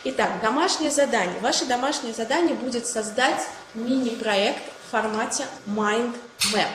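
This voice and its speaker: Brief: Russian-accented woman teacher, higher voice, encouraging with praise, echoey room with faint hiss. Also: moderate pace. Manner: encouraging, thanks and praises each answer. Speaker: English teacher. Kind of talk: online class quizzing students.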